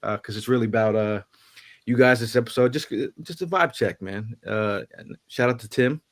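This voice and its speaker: A man's voice: medium pitch, normal speed. A man hosting a casual live sports podcast, upbeat and building hype, often repeating his words. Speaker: podcast host.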